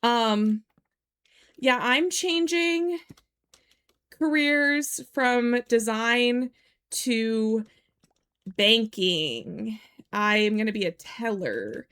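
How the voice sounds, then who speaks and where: A woman's voice: on the high side, expressive, extremely slow, pauses often, fairly bright tone, smooth. A young woman streaming from home, chatting casually and rambling with lots of "like"s. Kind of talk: casual live-stream chat. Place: home room.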